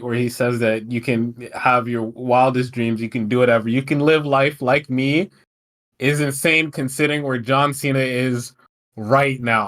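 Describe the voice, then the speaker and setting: A man's voice: mid-range voice, a bit bright. A man co-hosting a podcast, recapping wrestling in a casual, profane, rambling way with frequent laughs. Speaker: podcast co-host.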